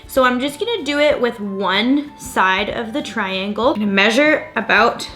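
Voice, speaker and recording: Young woman, crochet vlogger, chatty, excitable, at home, faint background music. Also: fairly high pitch, moderate pace, hardly any pauses. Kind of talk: casual talk-to-camera vlog. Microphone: camera on a stand.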